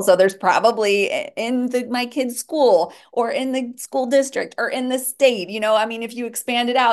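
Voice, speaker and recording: A woman, a therapist speaking in a candid podcast conversation, earnest and reflective with soft laughs. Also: medium pitch. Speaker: therapist and guest.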